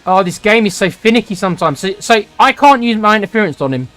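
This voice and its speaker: A man in his forties talks through his strategy game as he plays, griping and sarcastic whenever a shot goes wrong. His voice sits high for a man, with faint game music under it. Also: expressive, fast talker, fairly bright tone. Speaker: gaming channel host. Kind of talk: let's-play commentary.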